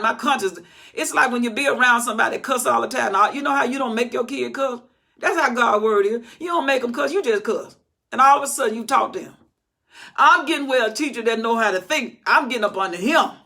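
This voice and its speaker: Gravelly, forceful woman preaching. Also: a little high. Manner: emphatic, scolding, repetitive. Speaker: Bible teacher. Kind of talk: informal Bible teaching.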